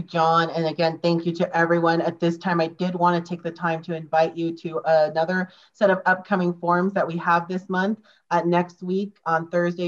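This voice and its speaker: Lower-voiced woman moderating an online forum. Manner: polite, reads lists steadily. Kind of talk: scripted announcements. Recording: dull lo-fi video call audio.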